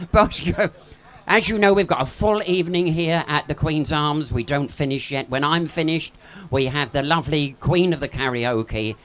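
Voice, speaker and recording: A man doing cheeky, gossipy stand-up patter as a cabaret comedian on a pub stage before a live audience. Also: a little high. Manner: camp, cheeky, gossipy storytelling with laughs.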